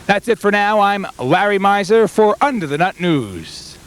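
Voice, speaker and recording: A man as a news reporter in a comedy sketch, with a smooth mock-news delivery. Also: high voice, lively intonation, normal speed.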